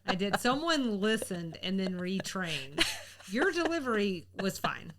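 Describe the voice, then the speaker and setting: A woman co-hosting a podcast, reacting quickly with amused comments. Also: medium pitch, big pitch swings, noisy background. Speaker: podcast co-host. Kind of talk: casual podcast chat.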